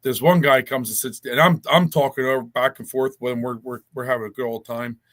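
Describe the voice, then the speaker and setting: A man's voice: mid-range voice, steady tone, brisk, a bit bright. A man telling a long, rambling story in casual chat, with many restarts.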